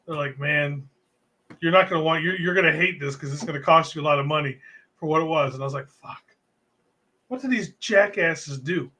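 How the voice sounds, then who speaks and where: A man's voice: on the high side, fairly quick, pushed and bright. A man co-hosting a casual sports podcast, telling a long profane story in a laid-back way. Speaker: podcast co-host.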